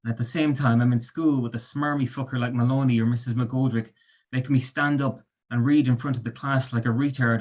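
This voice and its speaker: Guy reading his own crime story out loud, calm, mid pitch, bit halting in the chat. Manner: calm, thoughtful, halting with fillers when chatting. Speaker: author.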